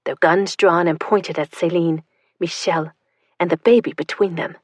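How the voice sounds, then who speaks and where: A woman narrating an audiobook in a tense, hushed storytelling manner. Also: on the low side, fairly even intonation, moderate pace, no echo.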